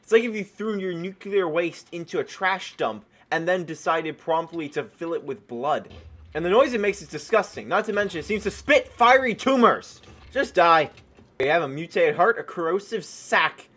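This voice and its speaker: A man giving excited gameplay commentary as a gaming YouTuber, excitable and often yelping in surprise. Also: high-pitched.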